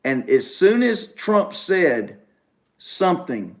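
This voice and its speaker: Guy hosting a show from his house, a bit high voice, keeps repeating himself. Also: sing-song, slow, gravelly. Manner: emphatic, repeats instructions to viewers. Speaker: talk show host. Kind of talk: casual livestream talk. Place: at home.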